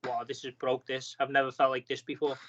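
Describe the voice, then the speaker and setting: A man in a casual podcast interview, retelling events in a rambling way full of "like" and restarts. His voice is mid-pitched. The audio is dull and lo-fi. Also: completely flat delivery, fairly quick, a bit bright. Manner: rambling storytelling with many fillers. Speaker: boxer guest.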